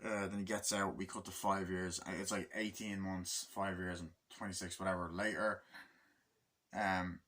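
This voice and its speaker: A man's voice: deep voice, level tone, normal speed, fairly bright tone. A young man casually retelling a film's plot in a loose, rambling review, swearing freely and jumping into the characters' lines. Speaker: movie reviewer. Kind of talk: casual spoken film review.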